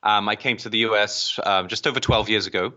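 A man's voice: on the low side, fairly even intonation, fairly quick, pushed and bright. A man in his thirties with an English accent, a guest talking in an easygoing, friendly way with small hesitations. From England. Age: 30s. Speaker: guest musician. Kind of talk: podcast interview. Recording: dull lo-fi sound.

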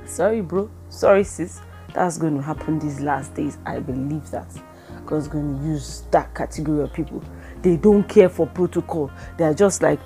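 Soft music plays behind this fairly low-pitched Nigerian-accented woman, who speaks at a moderate pace. As a Christian speaker giving an informal devotional, she brings lively energy, performs lines of dialogue, and mixes in pidgin.

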